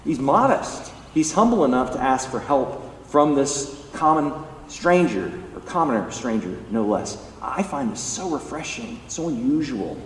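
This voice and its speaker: A pastor preaching a sermon, emphatic and animated, acting out the lines he quotes. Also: medium pitch, measured pace. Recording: echoey hall, distant mic, faint background noise.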